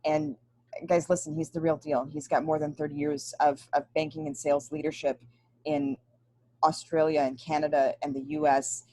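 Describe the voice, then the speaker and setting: Low, husky woman hosting a webinar. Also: flat delivery, normal speed, mellow, no room sound, rough recording. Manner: earnest, emphatic. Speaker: webinar host. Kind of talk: webinar introduction.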